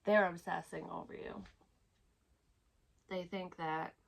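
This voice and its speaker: Psychic medium, woman, low-ish voice; casual, profane, rambling delivery. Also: fairly even intonation, slow pace, gravelly, rough recording. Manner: candid and profane, talks in a rambling flow. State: close to tears at times. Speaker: psychic medium giving a reading. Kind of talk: casual intuitive reading to camera.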